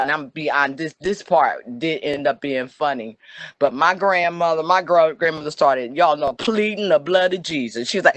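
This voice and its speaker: An older woman telling a personal story on a video call, animated and acting out the voices she quotes. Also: low voice, moderate pace, no echo. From New Jersey. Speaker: webinar presenter.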